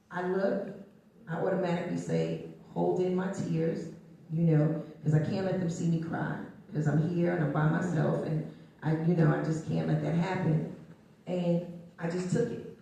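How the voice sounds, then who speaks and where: A middle-aged woman giving an interview, telling stories in an animated way and laughing often. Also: fairly low pitch, a little slow, gravelly, pauses often, a little hiss or hum. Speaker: interview guest. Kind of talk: conversational storytelling. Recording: echoey room, mic at a distance.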